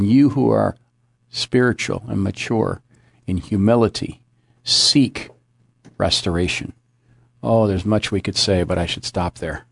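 An earnest male pastor preaches a devotional, circling back to repeat his key phrases. His voice sits at an ordinary middle pitch. The recording is close and dry, with no room sound. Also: vocal fry, no room sound.

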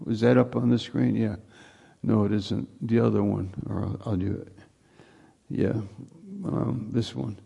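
Man giving a sermon, low gravelly voice, takes his time, gets emphatic. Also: steady tone, measured pace, a little mellow. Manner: earnest, repetitive, builds to emphatic lines. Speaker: preacher.

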